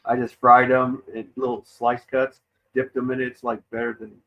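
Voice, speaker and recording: A man's voice: medium pitch, monotone, normal speed. A man chatting casually on a live stream, rambling through stories and laughing often. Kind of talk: casual chat. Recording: dull lo-fi sound.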